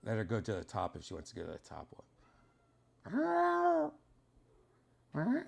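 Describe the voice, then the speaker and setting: A man's voice: low-pitched, rapid-fire, gravelly, a little mellow. A man hosting a casual home vlog, rambling in a laid-back way while showing his cats in a room at home. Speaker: host showing his pets.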